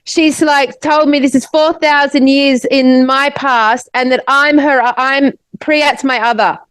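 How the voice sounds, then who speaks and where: An Australian woman, a podcast co-host, telling a long story in casual chat, animated and swearing, restarting her sentences. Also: high voice, unhurried, no room sound.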